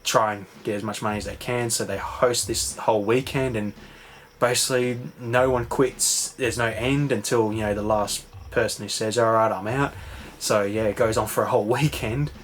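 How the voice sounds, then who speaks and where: A man's voice: on the low side, fairly even intonation, moderate pace, a little hiss or hum. Rambling guy recapping a show. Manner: rambling, many fillers, swearing. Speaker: vlogger. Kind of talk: casual late-night recap chat.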